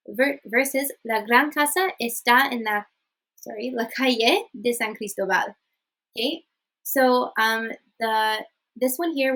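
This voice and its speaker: A woman's voice: a little high, fairly bright tone, low-quality recording. A young woman teaching a casual online language lesson, chatty, with many fillers and frequent "okay?" checks. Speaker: Spanish teacher.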